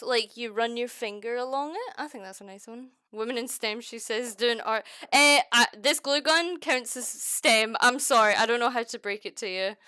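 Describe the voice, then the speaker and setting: Young Scottish woman streamer, crisp and bright, dry close mic, excitable and sweary. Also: on the high side, dry recording. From Scotland. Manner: excitable, exclaiming and swearing often. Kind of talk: casual crafting chat.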